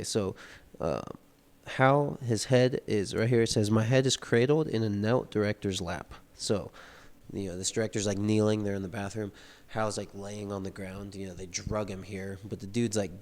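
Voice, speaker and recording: A young man talks through a novel in a relaxed, slangy way, full of fillers. His voice sits a little low. He reads passages aloud and then retells them in his own words. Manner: laid-back, slangy retelling with lots of fillers. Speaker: book vlogger. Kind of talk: casual book report reading aloud.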